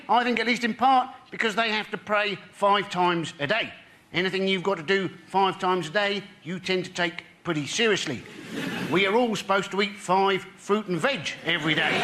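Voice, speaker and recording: A man's voice: sits high, noisy background. A man delivering a dry, conversational stand-up routine with rhetorical questions on a comedy panel show.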